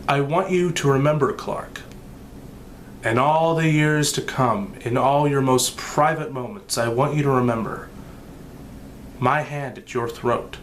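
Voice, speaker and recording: A man reciting a quote as a menacing older male vigilante, speaking low and slow and sinking to a whisper. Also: slight background noise, natural voice.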